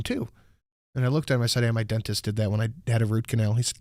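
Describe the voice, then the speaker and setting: A man's voice: medium pitch, expressive, quick pace, dry recording. Profane, exasperated man telling a story. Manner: profane, exasperated, acts out both sides of a dialogue. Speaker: show host. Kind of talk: casual storytelling monologue.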